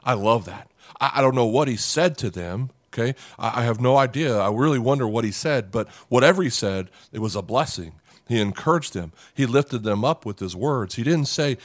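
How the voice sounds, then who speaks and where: A middle-aged pastor preaching a sermon to parents, earnest and dramatic, slowing down and pausing for emphasis. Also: male voice, mid-range voice, lively intonation, dry recording, studio quality.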